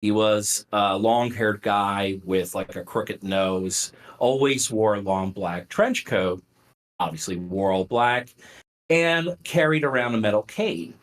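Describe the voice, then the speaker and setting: A man's voice: fairly low pitch, takes it slowly. A middle-aged man, a podcast guest, telling stories in a casual, conversational way with plenty of fillers. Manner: animated, filler-heavy, conversational. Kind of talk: casual storytelling.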